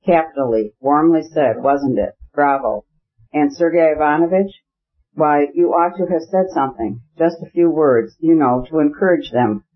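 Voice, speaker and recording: A male narrator voicing an effusive, jovial middle-aged gentleman in an audiobook. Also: fairly high pitch, normal speed, highs cut off, natural voice. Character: beaming sociable gentleman, middle-aged man.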